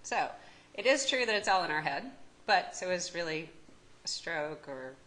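A woman's voice: fairly low pitch, animated, moderate pace, bright, forceful tone, a little hiss or hum, rough recording. A woman with a Kentucky accent giving a medical lecture as a psychiatry professor, talking conversationally, joking and asking the audience questions. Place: lecture room.

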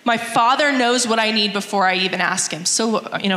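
A woman's voice: mid-range voice, fairly quick, sharp tone. Earnest mother in an echoey church hall. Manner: earnest, reflective, reads scripture aloud. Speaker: mother sharing a testimony. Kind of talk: church testimony talk. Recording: echoey hall, long reverb.

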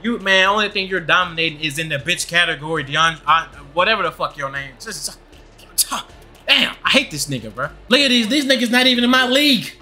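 A man's voice: sits high, animated, brisk, sharp tone, faint music behind. A young man giving angry, profane gameplay commentary, ranting at the game and the referees. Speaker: gaming channel host.

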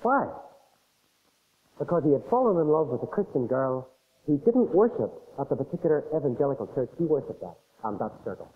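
A man preaching a sermon, telling a story as he goes and swinging between loud emphasis and quiet asides. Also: a little high, sing-song, fairly quick. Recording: tinny phone-like sermon recording.

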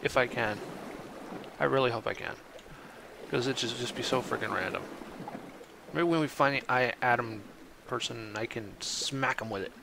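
A man's voice: medium pitch, normal speed, gravelly, pauses often, noisy background. A man commenting on his gameplay, exasperated and swearing often. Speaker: let's play host.

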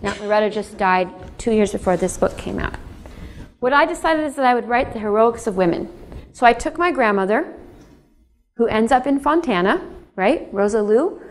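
A woman's voice: fairly high pitch, expressive, normal speed, soft background music. A woman author giving a public lecture and reading in a museum hall, telling chatty stories, laughing between them and putting questions to the audience.

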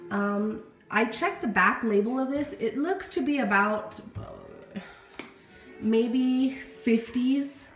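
A young woman chatting casually in a show-and-tell home vlog, rambling with lots of fillers and restarts. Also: medium pitch. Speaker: vlogger. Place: small kitchen at home. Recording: echoey home room.

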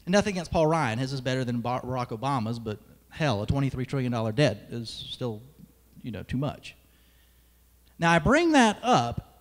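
A young man giving an emphatic political speech at a conference, with sarcastic asides. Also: on the high side. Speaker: conference speaker, radio host. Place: large hall. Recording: long hall reverb.

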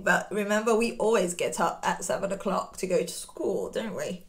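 A woman reading a picture book aloud to young children, with a gentle, coaxing, teacher-like way of talking. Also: mid-range voice, lively intonation, moderate pace. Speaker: children's story reader.

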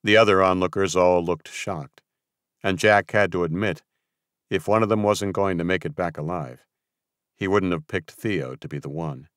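Low-voiced man narrating an audiobook. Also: moderate pace, fairly bright tone, no echo, studio quality. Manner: reads with character voices. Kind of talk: scripted narration.

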